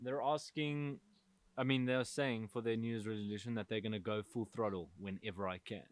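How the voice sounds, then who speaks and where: A man's voice: lowish voice, fairly even intonation, fairly quick. A man in casual podcast chat, enthusiastic and slangy. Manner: enthusiastic, slangy, says "bro" a lot. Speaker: podcast co-host.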